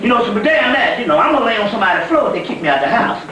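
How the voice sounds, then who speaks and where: A man's voice: high voice, very animated, rapid-fire, background noise. A man giving a rambling, profane spiritual lecture as a story, often laughing as he talks. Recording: echoey room from a distant mic.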